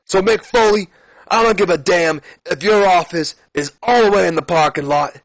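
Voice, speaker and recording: A man voicing an angry, foul-mouthed male brawler who curses through a slow, loud rant. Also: sits high, dry recording, voice pushed up, poor audio.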